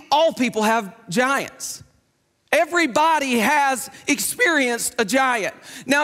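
High-voiced preacher in an echoing hall. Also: male voice. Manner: lively storytelling, quick bursts. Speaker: pastor. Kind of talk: sermon. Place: church sanctuary. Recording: long reverb in a church hall with faint music.

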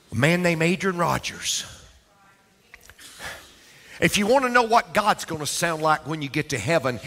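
An older male pastor delivers a sermon in a bright, fairly high voice that leaps and falls dramatically. He swings from hushed to booming at an unhurried pace. His voice rings through a church sanctuary with long reverb.

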